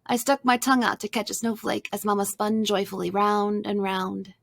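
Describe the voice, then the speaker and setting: A woman's voice: medium pitch, level tone, normal speed, vocal fry, fairly bright tone, no room sound. Woman reading a storybook aloud.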